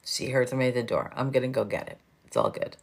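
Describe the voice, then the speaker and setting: Fifties woman, very low gravelly voice, chatty livestream host who curses and laughs easily. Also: very animated, racing. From New York. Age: 50s. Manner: laughing, chatty, swears freely. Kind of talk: casual chat with viewers.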